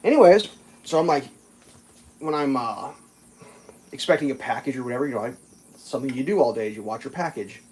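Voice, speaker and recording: A man's voice: medium pitch, animated, fairly quick, pauses often, darkish tone, slight background noise. A man hosting a live stream, casually telling a long, exasperated story in a rambling, profane way. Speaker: livestream host.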